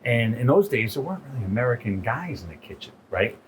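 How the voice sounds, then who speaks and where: Middle-aged New man, a chef guest who keeps asking "right?", storytelling style, mid pitch, faint noise behind. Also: quick pace. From New York. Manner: animated, profane, repeats "right?". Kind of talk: casual storytelling interview.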